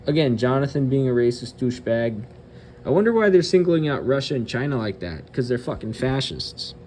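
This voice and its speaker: A man hosting his channel rants bluntly, swearing often, with hesitant fillers between his remarks. His mid-range voice is sing-song, brisk, and a little mellow. There's slight background noise.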